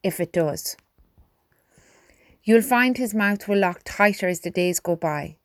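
A woman voicing a calm, commanding middle-aged army major. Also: high voice, no echo, studio quality, pitched above the performer's own voice. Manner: measured, commanding.

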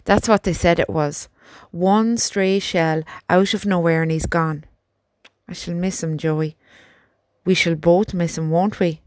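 A woman voicing a gentle young male soldier who talks softly and reassuringly to his horse, in an audiobook. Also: on the low side, fairly even intonation, measured pace, no echo, natural voice. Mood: grieving. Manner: soft, chatty, reassuring talk to a horse.

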